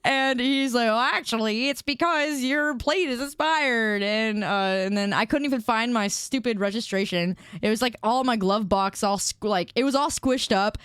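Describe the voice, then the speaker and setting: A woman's voice: a little high, moderate pace, few pauses, a bit bright, clean tone, no room sound, studio quality. A young woman streamer chatting casually with her viewers, telling a story in a giggly, self-deprecating way.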